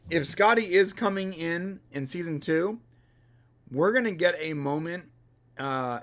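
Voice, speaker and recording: A man's voice: a little high, animated, takes it slowly, pauses often, fairly bright tone. A man co-hosting a live review podcast, thinking aloud in an easygoing, casual way. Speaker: podcast co-host.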